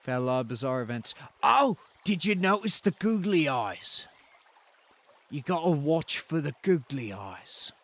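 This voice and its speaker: A man's voice: fairly high pitch, very animated, unhurried, a bit bright, full character voice. A man voicing a chatty, suspicious male roadside camper in a put-on British-style accent, who repeats himself and trails off. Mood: rambling. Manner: rambling, repeats himself, drops words.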